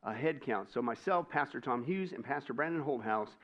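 A man's voice: medium pitch, animated, a little fast, a bit bright, highs cut off. A male pastor giving church announcements in an upbeat, jokey way, asking and answering his own questions.

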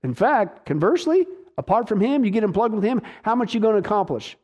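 A man's voice: high voice, sing-song, fast talker, a little mellow. A man preaching a sermon as a pastor, emphatic, firing rhetorical questions at his listeners and answering them in punchy, repeated short phrases.

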